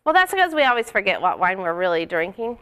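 Bright, smooth-voiced woman co-host. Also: medium pitch, very animated, fast talker. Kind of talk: casual chat.

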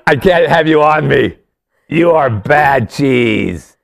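A man's voice: medium pitch, animated, slow, gravelly. A man doing huffy French pasta shells. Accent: mock French. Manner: huffy, dismissive.

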